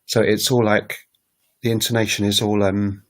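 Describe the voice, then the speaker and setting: Casting: man, lowish voice, casual livestream host explaining languages, loose and halting, acts out example phrases. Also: level tone. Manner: rambling, full of ums and self-corrections; demonstrates phrases aloud. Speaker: language learning streamer.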